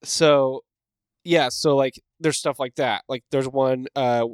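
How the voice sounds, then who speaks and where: Chatty man with a smooth voice. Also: mid-range voice, fairly even intonation, takes it slowly, no room sound. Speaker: podcast co-host. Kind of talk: casual chat. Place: home room.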